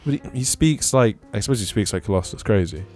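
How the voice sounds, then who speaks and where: A man's voice: on the low side, animated, fast, a little mellow, soft background music. A man co-hosting a casual podcast chat, teasing his friends and laughing often. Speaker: podcast co-host.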